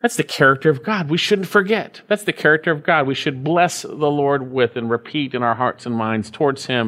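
A man's voice: medium pitch, fairly quick, hardly any pauses, a bit bright. A man preaching a sermon, reading scripture aloud and repeating key phrases with emphasis. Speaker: pastor.

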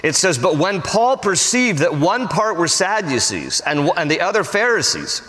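A man preaching a sermon as pastor, animated and storytelling, acting out the voices of people he quotes. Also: high-pitched, normal speed, long reverb tail.

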